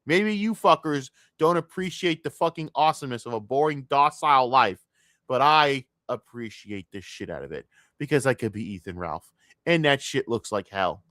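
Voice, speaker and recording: A man streaming a reaction to a video, ranting and swearing constantly, with sudden loud outbursts between muttered asides. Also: medium pitch, lively intonation, normal speed, dry recording, studio quality. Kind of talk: casual profane reaction commentary.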